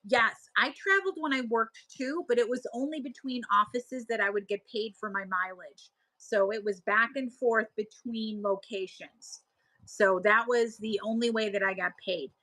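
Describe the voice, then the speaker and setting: A woman's voice: on the high side, moderate pace, pushed and bright, poor audio. A woman in her thirties hosting a live selling stream, chatting casually and laughing as she answers viewers' comments.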